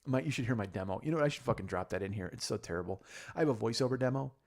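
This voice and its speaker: A man's voice: medium pitch, very fast, gravelly, darkish tone. A man in his forties hosting a comedy podcast, talking in a rambling, profane, self-deprecating monologue full of restarts. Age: 40s. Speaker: podcast host.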